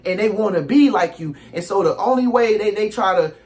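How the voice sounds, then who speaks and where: A man, giving casual relationship advice in an animated, preachy monologue. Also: high voice. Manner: animated, preachy, acts out quick impressions.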